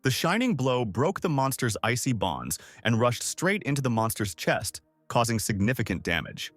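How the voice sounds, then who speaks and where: A male narrator reads a scripted story recap in a steady storytelling manner, his pitch moving animatedly through each sentence. The voice is dry and close to the mic. Faint music plays underneath. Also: moderate pace, dry recording.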